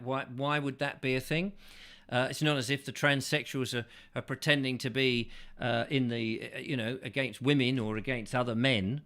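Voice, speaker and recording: A man's voice: medium pitch, fairly bright tone. Rambling male chat-show host. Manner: rambling, joking, full of asides. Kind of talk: casual chat show reading viewer comments.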